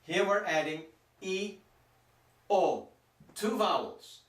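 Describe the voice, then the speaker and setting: A man teaching a Spanish grammar lesson, speaking slowly and stretching out words to show their pronunciation. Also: fairly high pitch, lively intonation, a bit bright. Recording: roomy echo, mic some distance off.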